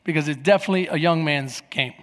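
A man in his forties preaching a sermon as pastor, telling stories with lively acted-out voices and shouts. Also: on the high side, fast, big-room sound. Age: 40s. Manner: animated storytelling, acting out voices and shouts. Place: church.

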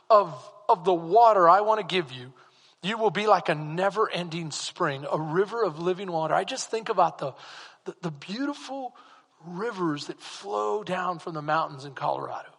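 A male pastor preaching a sermon, animated and full of rhetorical questions to the congregation. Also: sits high, husky, big-room sound.

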